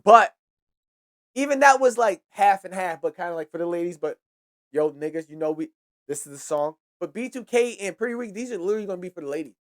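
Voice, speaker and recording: A man's voice: high voice, lively intonation, quick pace. A man hosting a hip-hop podcast who talks casually and profanely, gives heated opinions and often trails off and restarts his sentences. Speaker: podcast host.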